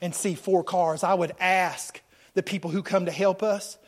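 A middle-aged male pastor preaching a sermon with animated delivery, acting out voices and swinging between loud and hushed. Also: sits high, moderate pace.

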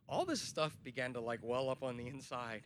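A young man giving a sermon on a festival stage, telling stories and building to loud, emphatic preaching. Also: mid-range voice, expressive, a little fast. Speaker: speaker at a Christian festival.

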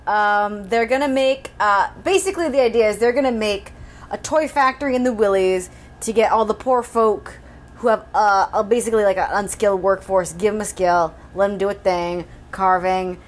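Woman podcast cohost recapping a book, rambly and sweary, lots of ums, middle-pitched voice. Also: moderate pace. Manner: rambling, swears freely, frequent fillers. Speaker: podcast co-host. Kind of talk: casual book-recap chat.

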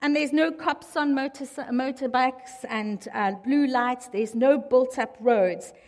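A woman preaching a sermon, telling the story with lively asides. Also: sits high, takes it slowly, in a large hall.

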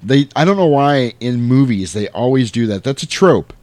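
A man's voice: mid-range voice, expressive, normal speed, darkish tone, dry recording. A man chatting casually on a podcast, rambling through a film plot with playful quoted voices and the odd swear word. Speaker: podcast co-host recapping a film. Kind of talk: casual chat.

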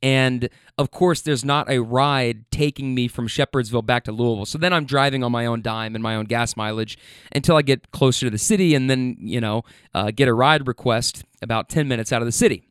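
A man who drives for a rideshare app tells viewers about his riders in a casual, animated way, repeating himself and swearing freely. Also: mid-range voice, brisk, smooth, no room sound, studio quality.

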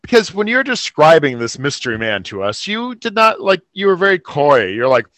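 A man's voice: a little high, big pitch swings, normal speed, fairly bright tone, no room sound. A middle-aged man, podcast co-host, chatting wryly and acting out his own reactions. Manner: chatty, wry, acts out reactions. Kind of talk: casual chat.

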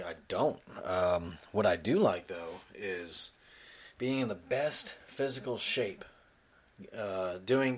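A relaxed man in his thirties chats on a podcast in a slightly low voice. He talks easily, laughs often and fills his pauses with ums. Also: husky. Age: 30s. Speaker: podcast host and father. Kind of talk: casual chat.

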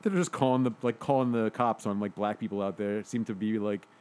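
A man's voice: on the low side, fast talker, a little mellow, smooth. A man co-hosting a podcast in casual chat, rambling with lots of filler words. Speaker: podcast co-host.

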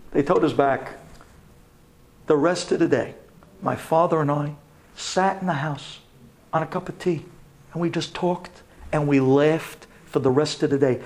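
A middle-aged man, a rabbi, telling a personal story in a sermon, swinging dramatically between hushed and loud. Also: a little high.

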